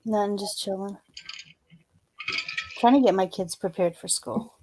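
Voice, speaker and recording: A woman's voice: mid-range voice, fairly even intonation, measured pace, warm tone, a little hiss or hum. A middle-aged woman chatting as a guest on a live stream, giving short, easygoing answers. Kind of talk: casual livestream chat.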